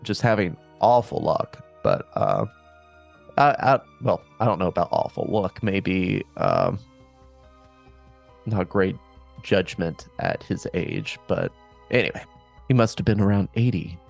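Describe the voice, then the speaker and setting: A man with a very low voice hosts a podcast and reads stories aloud. He keeps it casual and breaks in with dry, joking asides. His delivery is relaxed and conversational. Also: a little slow, gravelly, soft background music. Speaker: podcast host.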